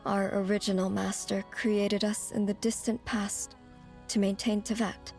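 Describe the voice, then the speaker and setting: Calm ancient goddess, voiced by a woman, measured and solemn, mid-pitched, game cutscene. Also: soft background music, lightly acted.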